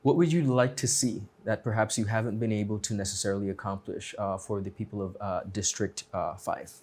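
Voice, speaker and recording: A male interviewer, asking questions in a halting way with many fillers and affirmations. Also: fairly low pitch, fairly even intonation, a little mellow. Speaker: interviewer host.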